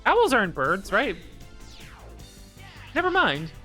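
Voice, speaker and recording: A woman's voice: mid-range voice, huge pitch swings, takes it slowly, sharp tone. A woman streaming a video game who chats casually, laughs often, gets flustered and swears freely. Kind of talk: casual gameplay chat. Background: faint game music.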